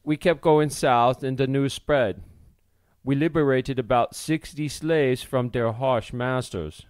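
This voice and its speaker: A man's voice: medium pitch, slow, clear, resonant tone, no room sound, natural voice. Brief: man reading as a skinny frightened fugitive, pleads anxiously, close and dry. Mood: pleading. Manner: nervous, pleading. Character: nervous pleading runaway man, skinny and hungry.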